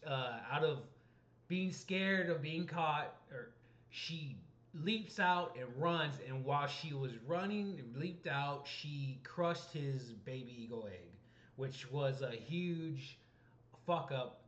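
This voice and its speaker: A man recapping and reviewing a film in a loose, rambling way, often stopping to correct himself. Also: medium pitch. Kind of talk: casual spoken movie recap. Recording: roomy, dull lo-fi home recording.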